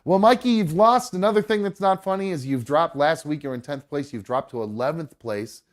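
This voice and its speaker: A man's voice: a little high, fairly quick. A man hosting a live podcast, talking in a loose, joking, profane way with lots of fillers. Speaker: podcast host. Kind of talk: casual live show chat.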